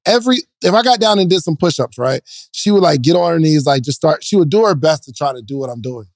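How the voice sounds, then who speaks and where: A man co-hosting a podcast, casually telling an animated story about his small daughter. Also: fairly high pitch, dry recording, studio quality. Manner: animated, mimics his child playfully. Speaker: podcast co-host.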